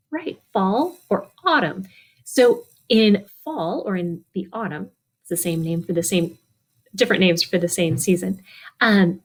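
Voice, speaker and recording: Woman, children's librarian, storytime read-aloud, lively swooping pitch, chatty questions to kids. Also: breathy edge. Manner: sing-song, asks children questions and answers for them.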